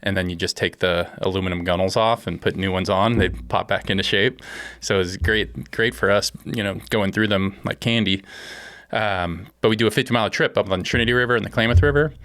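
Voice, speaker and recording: A man from California, a guest in a casual interview, telling stories about his life and work in a relaxed, plainspoken way. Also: deep voice, a little fast, no echo. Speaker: guest, aerospace engineer and kayaker.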